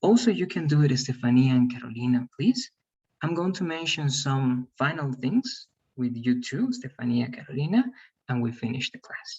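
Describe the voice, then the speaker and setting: A man's voice: medium pitch, lively intonation, fairly quick, a little mellow, husky. A man teaching an online English class, giving patient, repetitive instructions and checking in often with his students. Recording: distant, muffled video call audio.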